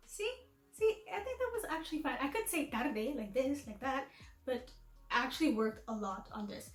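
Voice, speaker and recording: A woman's voice: high voice, lively intonation, normal speed, echoey room, faint music behind, low-quality recording. A woman vlogger chatting casually and self-deprecatingly to camera, laughing at herself.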